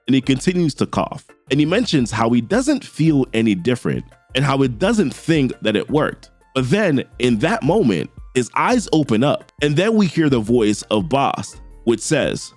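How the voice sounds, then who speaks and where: A man casually recapping a comic book, paraphrasing characters' lines with animated asides. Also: medium pitch, moderate pace, dry recording, soft background music.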